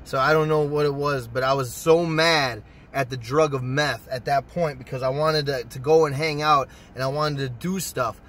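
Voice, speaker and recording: A young man telling a personal story to his channel in a casual, profane, excitable way. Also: mid-range voice, moderate pace, few pauses. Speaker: storytime vlogger.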